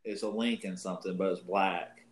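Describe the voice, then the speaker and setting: A man with a fairly low voice tells a long, meandering anecdote in easy conversation. He swears freely and keeps laughing at his own story. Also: fairly even intonation, brisk. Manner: rambling, profane, laughs through his story. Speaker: podcast co-host. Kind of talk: casual storytelling chat.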